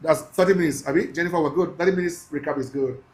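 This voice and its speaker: Man, teaching a live class, preachy and emphatic, slightly high voice, drawn-out key words. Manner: preachy, emphatic, slows down to stress key phrases; laughs often, casual asides to the class.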